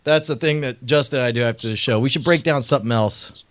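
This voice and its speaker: A man's voice: mid-range voice, quick pace, a bit bright. A man hosting a late-night podcast, bantering playfully and laughing often. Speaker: podcast host.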